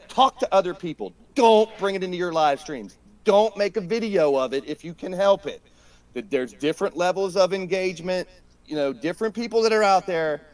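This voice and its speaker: A man ranting with energy as a guest on a casual podcast, swearing and repeating himself for emphasis. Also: high voice. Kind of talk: fired-up podcast rant.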